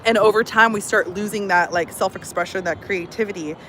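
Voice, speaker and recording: A woman's voice: medium pitch, brisk, a bit bright, a little hiss or hum, poor audio. A woman in her thirties, a personal growth coach, chatting casually on a livestream with lots of fillers in a bubbly, talkative way.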